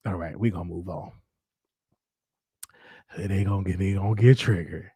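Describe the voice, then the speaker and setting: A man hosting his own show in rambling, animated casual chat, thinking out loud. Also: low voice, normal speed, slightly rough, no room sound. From Dallas, Texas. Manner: rambling, animated, talks to himself aloud. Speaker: show host.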